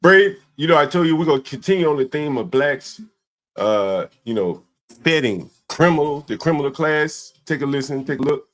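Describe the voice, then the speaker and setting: Male livestream co-host, animated pitch, frequent laughs, drawn-out exclamations. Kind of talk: casual live-stream chat.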